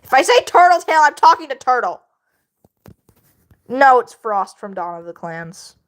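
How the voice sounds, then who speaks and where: A woman chats on a casual livestream as she works on a drawing, rambling from thought to thought and laughing often. Her voice sits high and moves around a lot, full of swings in pitch. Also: sing-song, measured pace. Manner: rambling, chatty, laughs often, talks to viewers.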